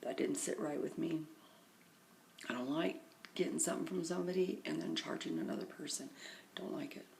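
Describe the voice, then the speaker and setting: A middle-aged woman with a low, gravelly voice recounts her day in a loose, rambling way, worn out and often sinking to a near whisper. It is recorded on a phone, with faint noise behind her. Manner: often drops to a hushed half-whisper. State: tired. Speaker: vlogger. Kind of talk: casual rambling storytelling. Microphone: phone camera.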